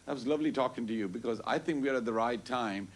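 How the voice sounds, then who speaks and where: Guy at a temple program, chatty story, keeps going "you know" and "i goes", excited. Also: mid-range voice, fast talker. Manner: animated, quotes others in dialogue, frequent "you know" and "I goes". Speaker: temple speaker at a Sunday program. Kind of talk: casual storytelling announcement. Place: temple hall.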